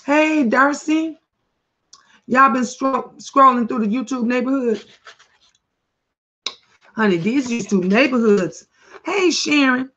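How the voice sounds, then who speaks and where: Slow-talking woman on a livestream. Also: high voice, a bit bright. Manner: slow, drawling, chatty, greets viewers by name. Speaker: livestream host. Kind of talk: casual live chat while eating. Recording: dull lo-fi livestream audio.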